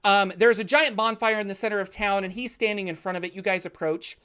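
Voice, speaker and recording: A woman narrating a tabletop game as game master in an animated storytelling manner. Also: medium pitch, fast, clean tone.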